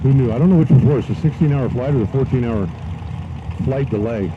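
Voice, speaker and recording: Over dull live-stream audio thick with loud track noise, a man announces a drag race at an outdoor dragstrip. His mid-range voice is animated and fairly quick, and he swings between race calls and folksy joking asides.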